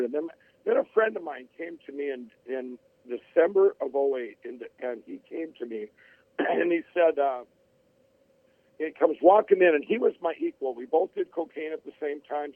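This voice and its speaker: A man's voice: fairly high pitch, lively intonation, moderate pace, dry recording. Man telling his story over a tinny line. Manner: rambling, with many restarts and acted-out quotes. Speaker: interview guest. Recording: tinny phone-line audio.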